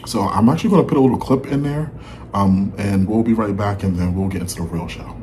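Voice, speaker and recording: Deep-voiced, chatty man with a sore throat. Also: quick pace, background noise. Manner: chatty and rambling, with many fillers. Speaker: YouTube reaction host. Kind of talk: casual vlog chat.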